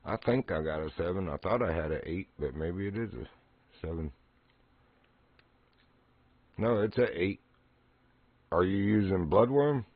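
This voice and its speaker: A man's voice: low-pitched, animated, a little slow, pauses often, no room sound, highs cut off. A man streaming, chatting casually while fishing in a game and laughing often as he tells stories.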